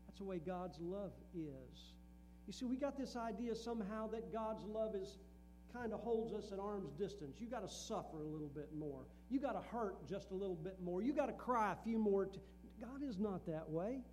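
A man's voice: sits high, lively intonation, normal speed, warm tone, slight background noise. A middle-aged man preaching a sermon in a church, earnest, with a rising and falling preaching cadence. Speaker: pastor. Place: church sanctuary.

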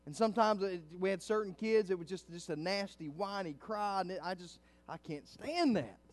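A middle-aged man delivers a Sunday sermon from a church pulpit. His voice sits a little high for a man, and he moves between quiet, low stretches and loud, fervent climaxes. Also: moderate pace. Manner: swings from hushed to loud preaching climaxes. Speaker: pastor.

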